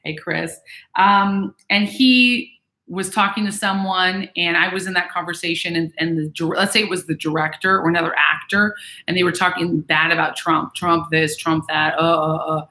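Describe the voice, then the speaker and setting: Woman vlogger, lowish voice with a bright, forceful edge, chatty and animated, roomy echo. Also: normal speed. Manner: chatty, animated, acts out quoted people. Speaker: vlogger reading and answering viewer messages. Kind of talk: casual advice chat. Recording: echoey room.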